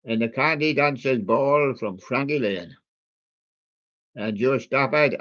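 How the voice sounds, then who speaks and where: A man hosting a livestream, chatting slowly and jokily as he reads out a list of old songs, with many ums and rambling asides. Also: medium pitch, fairly bright tone, muffled recording. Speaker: livestream host reading out a music playlist. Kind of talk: casual running commentary between old songs.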